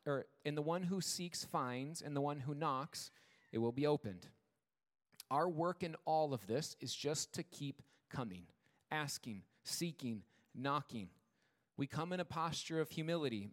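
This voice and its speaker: In a church sanctuary, a male pastor in his thirties delivers a sermon in a measured, earnest manner, stressing points with slow, repeated words. His voice is slightly high for a man, and the hall's long reverb is audible.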